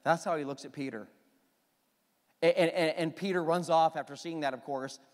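A middle-aged man preaching a sermon as pastor, telling the story with lively restarts and repeated words. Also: fairly high pitch, moderate pace, in a large hall. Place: church hall.

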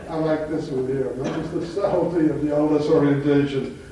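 A man's voice: fairly high pitch, fairly even intonation, brisk, very noisy. A man giving a classroom lecture to students, mixing in jokes and chuckling at his own punchlines. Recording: echoey hall from far off.

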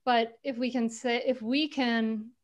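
A woman author appears as a guest on a video call interview, chatting casually and animatedly while telling stories and laughing often. Her voice is on the high side and her pace a little slow.

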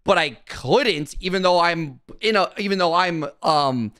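A male streamer rants to his chat in a heated, profane way, circling back to the same complaints again and again. His voice sits a little high for a man. The sound is dry and close, with no room around it. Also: animated, a little slow, pushed and bright, no room sound. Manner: profane, heated, repetitive ranting. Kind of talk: casual live-stream rant.

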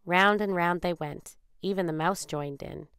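A woman with a low, gravelly voice reads a children's story aloud in a calm, measured way. The sound is close and dry. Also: no echo. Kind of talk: children's read-aloud narration.

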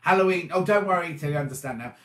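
A man's voice: on the high side, very fast, fairly bright tone, echoey room. A tired man hosting a casual live-stream chat, rambling as he answers viewers' comments. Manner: chatty, rambling, reads comments aloud and answers them. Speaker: host.

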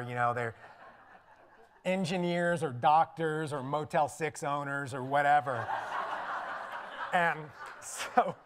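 A middle-aged man with an Indian accent is preaching from the pulpit of a church. He talks to his congregation in a loose, conversational way, swinging between lively storytelling and good-humoured asides that he often laughs at himself. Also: a little high. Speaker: pastor. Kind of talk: sermon with personal storytelling. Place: church sanctuary.

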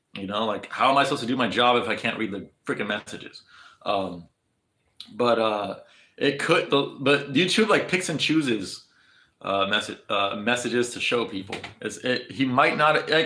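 A man's voice: mid-range voice, bright, forceful tone, echoey room. A man livestreaming, chatting casually with viewers in a crude, rambling way full of restarts. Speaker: livestreamer answering chat.

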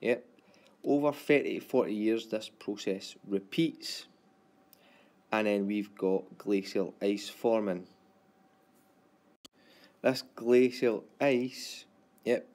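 Monotone male teacher. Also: lowish voice. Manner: self-described monotone, plain explaining. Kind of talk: classroom geography lesson.

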